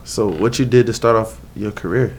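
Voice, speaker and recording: A man's voice: lowish voice, normal speed, noisy background. A man casually interviewing a guest on a podcast, laid-back, with short affirmations.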